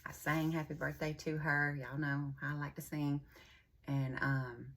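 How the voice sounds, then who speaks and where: A woman's voice: sits low, level tone, unhurried. An older woman, chatting casually in a vlog, rambling and folksy, with a bit of a runny nose. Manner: chatty, rambling storyteller with a warm folksy drawl. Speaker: vlogger.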